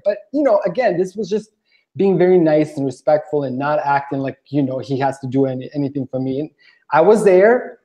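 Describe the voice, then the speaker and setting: Mellow-voiced man telling a rambling story. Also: fairly high pitch, lively intonation, fairly quick. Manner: rambling, many "you know" fillers, acts out quotes. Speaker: podcast guest. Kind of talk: casual storytelling chat.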